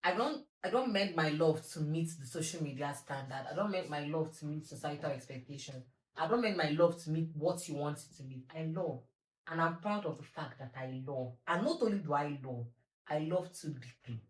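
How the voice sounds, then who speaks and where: A woman's voice: sits low, animated, normal speed. A young woman hosting a solo podcast, talking candidly and animatedly about herself with self-mocking humor. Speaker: podcast host. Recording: roomy echo.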